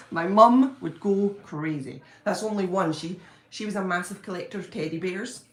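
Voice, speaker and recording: A woman chatting on a home live stream, bubbly and quick to gush and laugh. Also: lowish voice. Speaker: livestreaming fan-channel host. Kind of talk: casual live-stream chat. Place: at home, indoors. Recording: echoey room.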